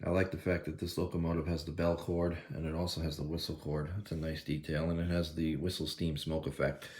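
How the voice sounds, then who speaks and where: A man's voice: very deep voice, fairly quick. A man casually narrating a walk-around of his own work while filming it on his phone in his kitchen, with lots of fillers. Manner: relaxed, many fillers, talks while filming. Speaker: model train hobbyist showing his work. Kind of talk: casual show-and-tell narration. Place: home kitchen, indoors. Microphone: phone camera held while filming.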